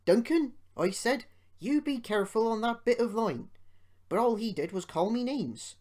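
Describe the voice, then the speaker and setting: A man's voice: very high-pitched, expressive, moderate pace, a little mellow, voice pushed up. A man voicing a stubborn little old diesel. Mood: cross. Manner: cross yet polite.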